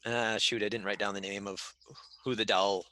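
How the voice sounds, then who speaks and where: A man playing a tabletop game, speaking politely and haltingly in character. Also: lowish voice, steady tone, pushed and bright, no echo. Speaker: player. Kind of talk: casual tabletop role-play.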